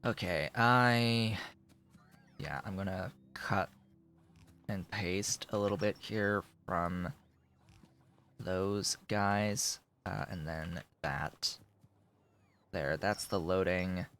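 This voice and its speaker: A man's voice: deep voice, very slow, pauses often, a bit bright, smooth. A man streaming a game, muttering offhand, dry remarks to himself as he builds. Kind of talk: casual gameplay commentary.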